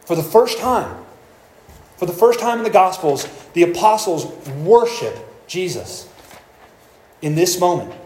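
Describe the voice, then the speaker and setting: Higher-voiced man preaching in an echoey room. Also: animated, measured pace, pauses often, a little mellow, a little hiss or hum. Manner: reads scripture aloud, then explains it with earnest emphasis and small restarts. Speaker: pastor. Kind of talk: sermon.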